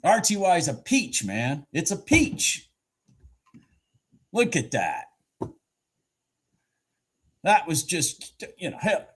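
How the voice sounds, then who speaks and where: A husky-voiced man talks through his trades live from his desk, his pitch swinging widely as he gets excited. He swears casually and mutters to himself between remarks to viewers. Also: takes it slowly, long pauses. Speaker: futures trader streaming live. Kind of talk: live trading commentary.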